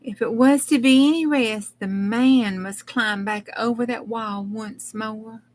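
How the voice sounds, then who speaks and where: A woman's voice: fairly high pitch, fairly even intonation, measured pace, darkish tone, poor audio. A woman hosting a crafting channel, reading a fairy tale aloud in a folksy way with chatty asides. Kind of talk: storytelling read-aloud with casual asides.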